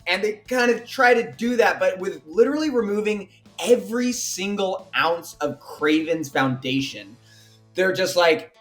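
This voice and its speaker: High-voiced man ranting, profane. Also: a little slow, a bit bright, soft background music. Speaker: podcast co-host. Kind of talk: casual podcast chat.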